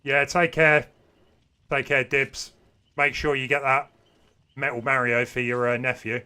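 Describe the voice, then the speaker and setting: A man chats casually with viewers during a game livestream, rambling from one thought to the next. His voice is bright and forceful, sitting at an ordinary pitch for a man. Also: level tone, unhurried, clean tone. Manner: chatty, rambling, talks to viewers. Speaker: gaming livestreamer. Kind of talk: casual chat while streaming a game.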